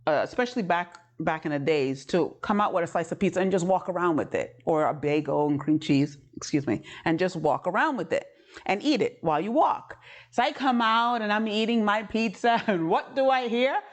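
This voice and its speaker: A woman's voice: fairly low pitch, brisk. A woman preaching a sermon as a personal story, candid and conversational, with frequent asides to the listeners. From New York.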